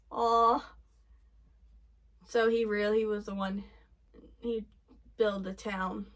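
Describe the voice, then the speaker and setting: A woman reacting to an anime episode in casual commentary, giggling often and gushing excitedly in broken-off fragments. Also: on the high side, extremely slow, long pauses.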